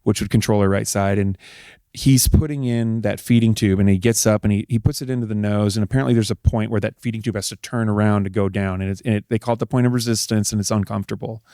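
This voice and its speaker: A man's voice: on the low side, fairly even intonation, quick pace, mellow, no room sound, studio quality. A middle-aged man from Texas, a guest in an interview, earnestly retelling an emotional family ordeal with many fillers. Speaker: guest, husband. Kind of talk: personal storytelling in an interview.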